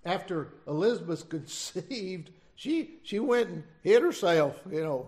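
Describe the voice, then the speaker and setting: A middle-aged man preaching an informal sermon, reading scripture and retelling it in a folksy, halting way. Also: high voice, animated. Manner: folksy, halting, many restarts and asides.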